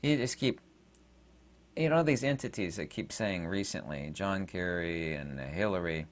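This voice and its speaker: A man's voice: low-pitched, a little slow. A man hosting his own channel, talking in a rambling, digressive monologue full of fillers. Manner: animated, digressive, many fillers. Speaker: channel host.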